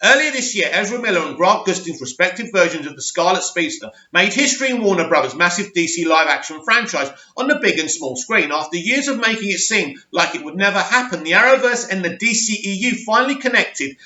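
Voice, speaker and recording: A young man hosting a channel, reading news articles aloud with opinionated asides and a slightly hoarse voice. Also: high-pitched, lively intonation, fairly quick, few pauses, bright, forceful tone. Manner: reads aloud, stumbles on names, adds opinionated asides. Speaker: host. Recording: roomy, slightly dull sound.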